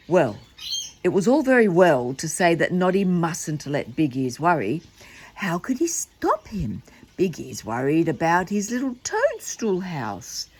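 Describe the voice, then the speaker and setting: A woman's voice: on the low side, wildly swooping pitch, measured pace, a little mellow, slightly rough. An older woman reading a children's book aloud, chatty and playful with asides to the listener. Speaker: storyteller.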